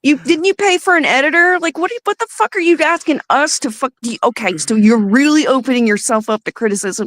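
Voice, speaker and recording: A woman in a full profane rant, her voice pitched a little high and flaring into loud bursts. The sound is dry and close, with no room around it. She talks fast and heated. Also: animated, no room sound. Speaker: podcast co-host. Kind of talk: angry ranting commentary.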